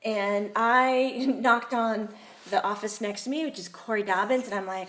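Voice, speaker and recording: A woman's voice: medium pitch, normal speed. Chatty woman hosting a talk show. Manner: chatty, animated storytelling with laughter. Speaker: host. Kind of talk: casual chat.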